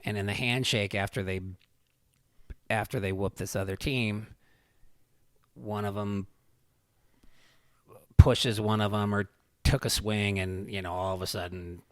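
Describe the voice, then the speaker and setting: A man's voice: lowish voice, no echo. Rambling man telling a story, dry sound. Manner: rambling, profane, frequent "you know". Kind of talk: casual storytelling chat.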